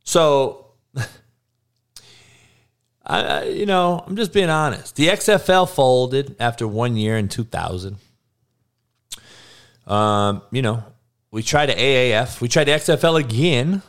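A man's voice: mid-range voice, unhurried, long pauses, smooth. A man hosting a live podcast, ranting bluntly with constant profanity, repeating lines for emphasis and calling out listeners by name. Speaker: podcast host.

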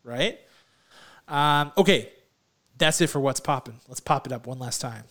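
A man co-hosting a podcast in casual chat, excitable, often laughing and saying "like" a lot, on a remote call. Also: mid-range voice, a little slow. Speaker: podcast co-host.

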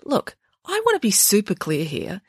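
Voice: mid-range voice, huge pitch swings, moderate pace, breathy edge, no echo, clean studio sound, voice pushed up, exaggerated voice. A reader voicing an earnest, proper teenage girl detective who speaks precisely and a little nervously. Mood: prim.

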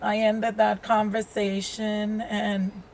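A woman speaks as a podcast guest, telling her own story with earnest, open feeling. Her pace is unhurried and deliberate, her pitch sits in a middle range, and a faint background noise lies under the voice. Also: monotone, a little mellow. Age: adult with a child. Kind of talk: personal storytelling in a podcast interview.

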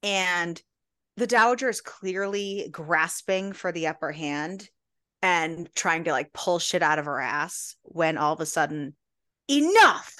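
A woman's voice: lowish voice, unhurried, sharp tone, dry recording, clean studio sound. A woman co-hosting a book club podcast in casual chat, recapping the plot with animation and acting out the characters' lines. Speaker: podcast co-host.

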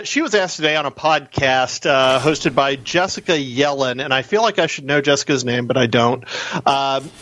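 A man appearing as a guest on a talk radio show, arguing his points in an animated way with quick asides. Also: a little high, no echo.

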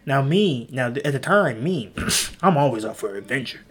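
A man's voice: mid-range voice, lively intonation, moderate pace, breathy edge. A young man rambling on his own podcast from a room at home, self-mocking, loose and profane. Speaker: podcast host. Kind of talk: casual solo podcast rambling.

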